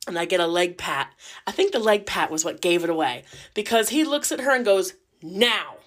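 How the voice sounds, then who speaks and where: A woman caregiver telling a story in a casual, lively and cheeky way, cussing freely. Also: fairly low pitch, a little fast.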